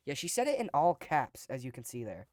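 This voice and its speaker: Man, mid-pitched, close dry mic: casual reaction-video host who reads posts and riffs on them with a chuckle. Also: wildly swooping pitch, brisk, darkish tone, no echo. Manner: reads aloud then comments off the cuff, chuckling.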